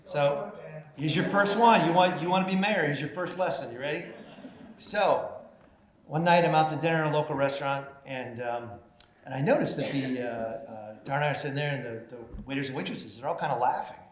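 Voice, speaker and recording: A man's voice: a little high, brisk. Man telling funny stories in a roomy hall. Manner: self-deprecating, acts out voices in his anecdotes, many fillers. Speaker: mayor giving an award speech. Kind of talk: humorous storytelling speech. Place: banquet hall at a chamber of commerce meeting. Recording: roomy hall with faint noise.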